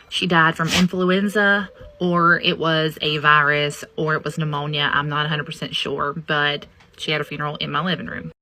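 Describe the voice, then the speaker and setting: A woman with a drawl shares a ghost story in a folksy, confiding manner. Her voice is bright and edged with a gravelly fry, and her pitch sits a little low for a woman. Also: a little hiss or hum. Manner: folksy, confiding, animated when quoting others. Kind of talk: casual personal storytelling to camera.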